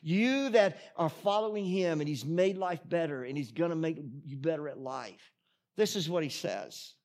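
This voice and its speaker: A man's voice: fairly high pitch, expressive, normal speed, creaky, a little mellow. A middle-aged man, preaching a sermon in a folksy, storytelling way and reading scripture with rising emphasis. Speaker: pastor.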